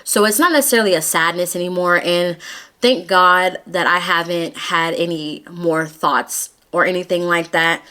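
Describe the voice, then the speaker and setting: A woman's voice: lowish voice, normal speed, sharp tone. A young woman vlogging her personal testimony, earnest and emotional, close to tears at times.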